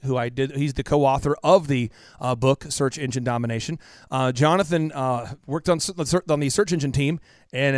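A man in his thirties, a podcast guest telling stories with emphatic, repetitive energy that drops to a hush for emotional moments. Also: on the high side, dry recording, studio quality. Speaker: podcast guest, business coach. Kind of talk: impassioned storytelling interview.

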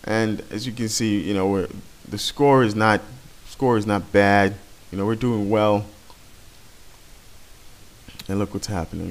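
A man's voice: on the low side, measured pace, long pauses. A man talking over his gameplay footage in a casual, rambling, profane way. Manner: rambling and profane, with frequent restarts. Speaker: gameplay commentator.

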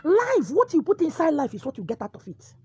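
A woman with a Nigerian Igbo accent gives a forceful, preachy monologue, switching between pidgin and Igbo. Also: high-pitched, huge pitch swings, a little fast, dry recording. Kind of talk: animated monologue.

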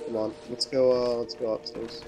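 A man's voice: mid-range voice, flat delivery, moderate pace, over music. A man giving short, hesitant replies while playing a co-op game with a friend. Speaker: gamer. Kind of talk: co-op game chat. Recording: game noise behind voice.

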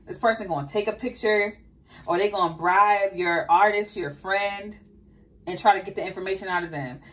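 A woman's voice: mid-range voice, moderate pace, fairly bright tone. A woman giving a casual tarot reading, urging and repeating her advice. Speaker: tarot reader.

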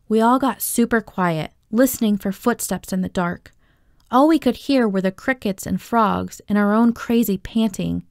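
A woman reading a children's novel aloud, telling the story in a steady, expressive way. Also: mid-range voice, creaky, dry recording, studio quality. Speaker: audiobook reader.

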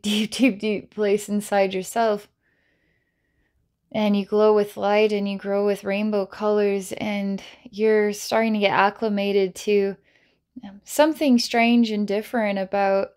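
A woman's voice: medium pitch, a little mellow, smooth. A woman psychic healer narrating a guided healing session, talking playfully with giggles and many filler words.

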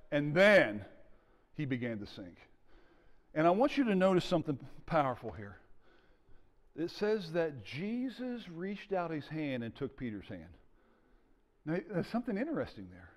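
A man preaching a sermon as pastor, animated and calling out to the congregation for responses. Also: a little high. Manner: animated preaching with audience call-outs. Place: church sanctuary. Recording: church hall with long reverb.

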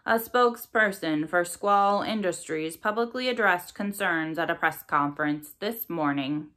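A woman's voice: fairly low pitch, unhurried, a bit bright. A woman voicing a posh radio newscaster with a nasal, droning delivery, reading a storybook aloud. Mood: announcing.

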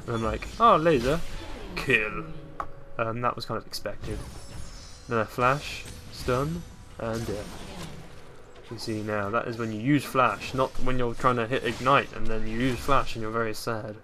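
A man's voice: medium pitch, steady tone, moderate pace, over music. Rambling man commentating a game. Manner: rambling, self-mocking, jokey. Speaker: gameplay commentator.

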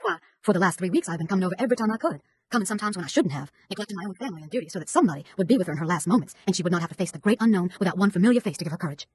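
A woman's voice: fairly low pitch, expressive, very fast, few pauses, darkish tone, a little hiss or hum. A woman reading a first-person chapter of a novel as an audiobook, with an indignant, gossipy manner. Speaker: audiobook narrator.

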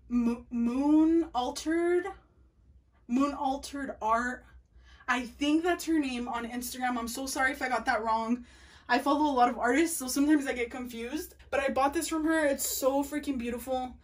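A young woman with a slightly high voice gives a casual room-tour vlog. She talks fast and chats nervously, piling on fillers as she shows off her space. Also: a bit bright. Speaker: nail artist showing her workspace.

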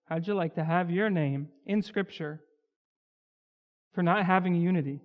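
A pastor with a notably high voice delivers a verse-by-verse sermon, drawing out words he wants to stress. The sound is muffled and lo-fi, with a long echo rolling through the sanctuary. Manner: expository preaching, slows down for emphasis on key words. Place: church sanctuary. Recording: dull, lo-fi church recording with long hall reverb.

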